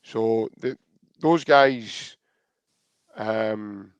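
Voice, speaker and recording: A man's voice: on the low side, drawn-out words, smooth, dry recording. A Scottish man co-hosting a football podcast, easygoing and hesitant, calling his co-host "mate". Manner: easygoing, says "mate" a lot, hesitant restarts. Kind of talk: casual football chat.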